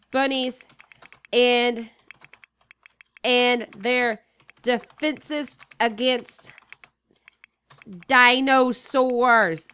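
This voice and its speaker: A young woman with the sniffles commentates a life-sim game, bossing and teasing the characters in an excitable, jokey way. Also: fairly high pitch, smooth. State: sniffly with a cold. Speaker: gaming YouTuber. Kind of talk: Let's Play commentary.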